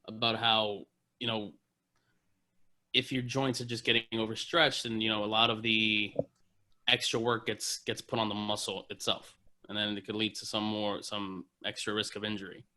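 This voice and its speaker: A man co-hosting a podcast, his voice sharp and bright. He talks loosely, hedges a lot, and swears casually while talking about training clients. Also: lowish voice, flat delivery, normal speed. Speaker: podcast co-host, personal trainer.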